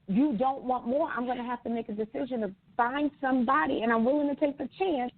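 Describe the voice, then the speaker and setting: A woman co-hosting a casual talk show, blunt and animated and swearing freely. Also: sits high, fast. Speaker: co-host. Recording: dry tinny phone-like sound.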